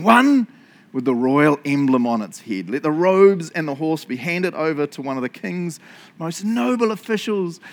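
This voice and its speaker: A man voicing an arrogant, self-important official from an ancient royal court, drawn-out and smug, as part of a sermon. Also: fairly high pitch.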